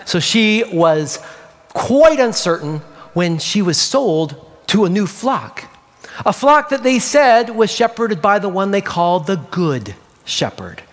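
Brief: pastor storytelling to kids, animated and playful, higher-pitched male voice. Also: slow, big-room sound. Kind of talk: children's sermon storytelling.

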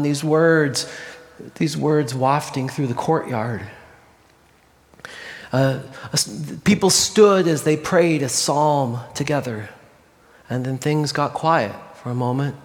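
Hushed, expressive male storytelling preacher. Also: fairly high pitch, unhurried, big-room sound. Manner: expressive, often dropping to a hushed voice. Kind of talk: storytelling sermon.

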